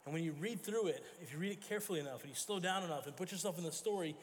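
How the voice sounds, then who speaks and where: A man's voice: a little high, rapid-fire, long reverb tail, slight background noise. A man preaching a sermon as pastor, telling stories and acting out quoted voices. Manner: storytelling with acted quotes and self-corrections. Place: church sanctuary.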